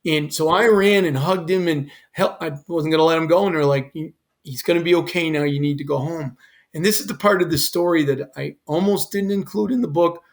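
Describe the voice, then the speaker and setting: A man's voice: on the high side, brisk. An older man, a former fire chief, telling an emotional personal story in earnest detail as a podcast guest. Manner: earnest, quotes others in his own voice.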